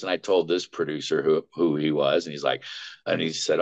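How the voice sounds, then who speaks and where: A man who is a voice actor, telling chatty, animated stories about his work as a guest. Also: very deep voice. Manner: chatty, animated anecdotes with quick asides. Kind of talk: casual storytelling. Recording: dull lo-fi sound.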